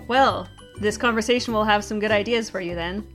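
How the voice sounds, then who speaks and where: A woman's voice: mid-range voice, fairly quick, a bit bright, faint music behind. Wry woman co-hosting a comedy segment. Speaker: comedy show co-host. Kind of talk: scripted comedic news chat.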